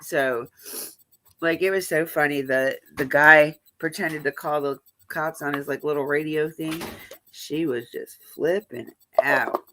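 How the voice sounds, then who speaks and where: A woman's voice: sits low, a little slow, pushed and bright, a little hiss or hum. A woman hosting a live stream, telling blunt, profane stories in casual chat.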